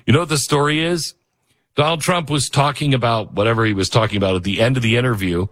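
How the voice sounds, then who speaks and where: A middle-aged man hosting a talk radio show, rambling and self-mocking, with sudden shouted outbursts. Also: mid-range voice, fast talker, no echo. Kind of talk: talk radio monologue and host-read ads.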